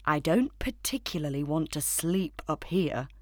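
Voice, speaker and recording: A woman voicing a haughty, pampered male house cat who grumbles in a lower, quieter voice. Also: animated, unhurried, no room sound, studio quality. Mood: disdainful. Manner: low, grumbling, contemptuous.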